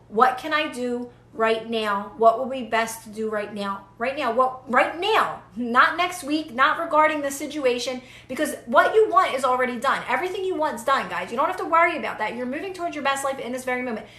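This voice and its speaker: A woman's voice: sits high, animated, moderate pace, few pauses, pushed and bright, roomy sound. A young woman giving casual, earnest manifestation advice to viewers on a live stream, repeating phrases for emphasis.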